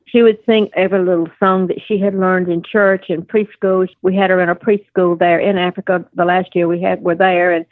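A woman's voice: fairly low pitch, little pitch movement, a little fast, hardly any pauses, no echo. An older woman with a Southern US accent, telling family stories as an interview guest with easy fillers. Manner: storytelling, warm anecdotes with fillers. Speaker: guest, adoptive mother. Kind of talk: conversational interview. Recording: tinny phone line.

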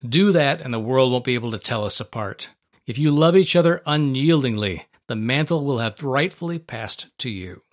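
Man voicing a tender sorrowful teacher, soft and unhurried, radio Bible reading. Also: medium pitch, expressive, natural voice. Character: calm, sorrowful male teacher, adult.

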